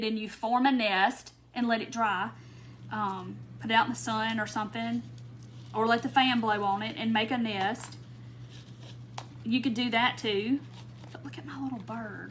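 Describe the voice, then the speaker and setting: A woman with a slightly high voice hosts a casual craft live stream. She talks in a chatty, gushing way and reads her viewers' comments aloud as she works. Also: a bit bright, slight background noise. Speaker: craft tutorial host.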